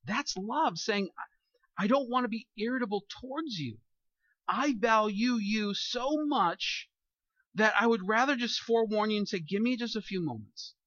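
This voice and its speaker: A man preaching a sermon in a lively, joking way, acting out everyday scenes. His voice sits high and rings bright. The sound is dry and a little dull. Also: moderate pace, dry recording. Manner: animated, jokey preaching with acted-out asides. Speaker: pastor.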